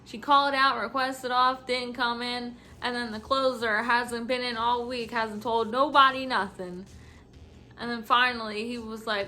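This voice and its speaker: The voice is a woman's, fairly high and sharp, at a normal speed. She's a young vlogger, tipsy from drinking, narrating a work story to camera with lots of laughter and swearing while imitating the coworkers involved.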